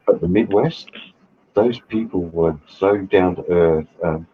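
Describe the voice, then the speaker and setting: A man's voice: low voice, unhurried, husky, narrow, tinny audio. A man, chatting casually and rambling with hesitant fillers. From Australia. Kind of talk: casual chat.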